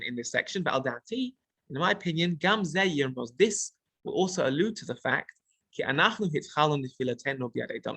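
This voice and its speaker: A man's voice: fairly high pitch, pushed and bright, no room sound. A man teaching a text study class, reading Hebrew phrases and explaining them as he goes, with frequent restarts. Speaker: Torah teacher.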